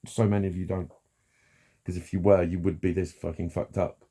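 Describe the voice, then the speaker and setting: A man giving a frank, halting personal monologue, swearing freely and restarting his sentences. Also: low voice, little pitch movement, warm tone, breathy edge. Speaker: vlogger.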